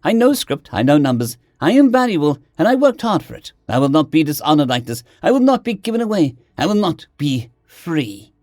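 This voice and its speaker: A man's voice: fairly high pitch, sing-song, a little fast, few pauses, darkish tone, no room sound, clean studio sound, voice pushed up. A man voicing a stiff, formal alien servant. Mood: formal earnest. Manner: stiff, formal, clipped phrasing.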